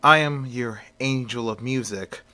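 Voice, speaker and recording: Brooding masked phantom, low and threatening, a man reads him. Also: unhurried, bright, forceful tone. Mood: solemn.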